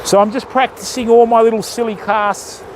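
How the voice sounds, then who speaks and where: A man's voice: very high voice, steady tone, moderate pace, noisy background. An Australian man hosting a live fishing stream outdoors, chatting and joking with his viewers while he casts. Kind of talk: casual live-stream chat.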